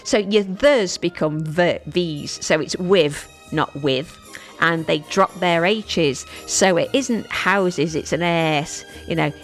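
A woman's voice: lowish voice, lively intonation, takes it slowly, faint music behind. A woman presenting on the radio, chatting in a nostalgic, easygoing way and laughing easily. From England.

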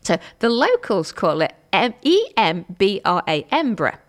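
A woman chats to her radio listeners in a playful, self-mocking way. Her voice sits at a middling pitch but moves around a lot, rising and falling as she talks. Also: huge pitch swings, measured pace. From Wales. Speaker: radio presenter. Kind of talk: chatty solo radio talk.

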